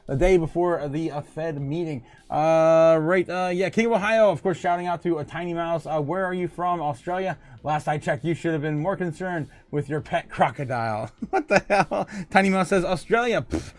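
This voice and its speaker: A man hosting a casual livestream, reading chat aloud, joking and laughing often between filler words. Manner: jokey and rambling, laughs often, many fillers; swings from muttering low to loud excited calls. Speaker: livestream host.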